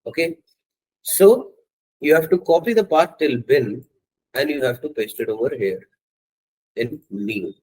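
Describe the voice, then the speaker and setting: A man teaching a software testing course, walking students step by step through setting up Java and often checking in with "okay" and "right". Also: mid-range voice, animated, a little slow, long pauses, a little hiss or hum, poor audio. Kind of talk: screen-share coding tutorial.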